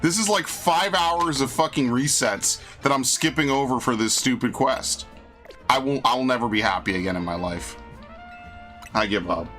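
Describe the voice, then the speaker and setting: Brief: young New guy streaming games, fed up and swearing, mid-pitched bright voice. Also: moderate pace, soft background music. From New York. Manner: exasperated, profane ranting. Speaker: game streamer. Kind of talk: live game stream commentary.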